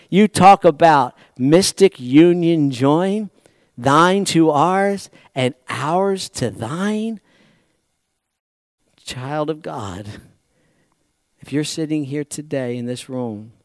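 A man preaching a sermon to a congregation, moving between hushed, slow passages and fervent, rising exhortation, with folksy asides to his listeners. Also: medium pitch, clear, resonant tone, no echo. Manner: shifts from hushed intimacy to impassioned, rising exhortation. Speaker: pastor. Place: church sanctuary.

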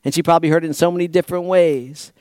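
A man preaching a sermon dramatically, swinging from loud exclamations to hushed, reflective passages. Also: on the high side, fairly even intonation, very fast, clear, resonant tone, no room sound, clean studio sound.

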